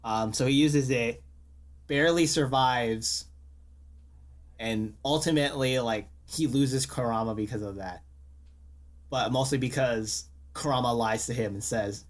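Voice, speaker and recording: A man's voice: medium pitch, measured pace. A man co-hosting a casual podcast, ranting animatedly with frequent swearing and exasperated outbursts. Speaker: podcast co-host. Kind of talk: casual chat.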